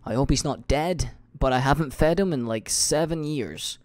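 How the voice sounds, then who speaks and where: A young man commentating a live gaming stream, excitable, swearing casually and laughing often. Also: medium pitch, moderate pace, no echo, studio quality.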